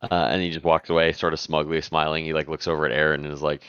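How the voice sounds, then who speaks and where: A man playing in a tabletop game, narrating his character's actions in a relaxed, rambling way. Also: a bass voice, fast, smooth, no room sound, lo-fi sound. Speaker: player.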